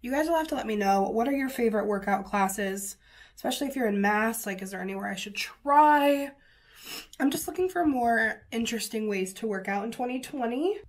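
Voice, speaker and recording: A woman's voice: on the high side, lively intonation, a little fast. A woman beauty vlogger with a sniffly nose, chatting casually through a makeup tutorial in a gushing way. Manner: gushing, chatty, lots of fillers and exclamations.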